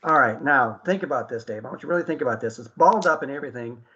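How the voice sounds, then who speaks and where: A man's voice: mid-range voice, animated, very fast, pushed and bright, breathy edge, dull audio. A man hosting an internet radio talk show, speaking earnestly with many fillers and restarts.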